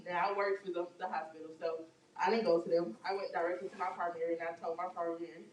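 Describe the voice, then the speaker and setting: A woman who works at a hospital, giving brisk, matter-of-fact health advice in a casual talk. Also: on the low side, little pitch movement. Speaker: hospital worker and co-host. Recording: roomy, distant mic with faint noise.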